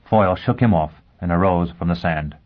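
A man narrating a science fiction novel in a steady, even storytelling manner, on a dull lo-fi recording. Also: sits low, normal speed. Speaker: audiobook narrator. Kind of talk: scripted narration. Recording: dull lo-fi audio.

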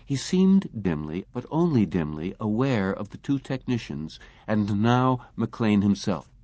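A man reading a science fiction story aloud as an audiobook narrator, in a measured way. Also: lowish voice, very animated, warm tone, no room sound, highs cut off. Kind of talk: scripted narration.

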